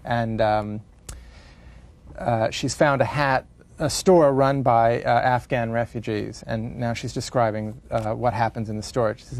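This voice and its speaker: Man, playwright, thoughtful, halting, long winding sentences, mid-pitched voice. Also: fairly even intonation, a little mellow. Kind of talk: interview conversation.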